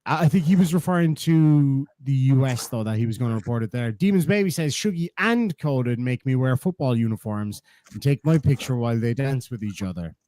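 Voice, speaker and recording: A man's voice: medium pitch, lively intonation, a little fast, dark tone, dry recording. A man hosting a casual live stream, reading out viewer donations with profane, sardonic remarks.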